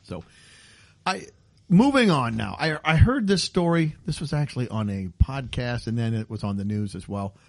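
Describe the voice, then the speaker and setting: A man's voice: medium pitch, animated, moderate pace. A man in his fifties hosting a casual comedy podcast, telling stories animatedly and acting out the people in them. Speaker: podcast host.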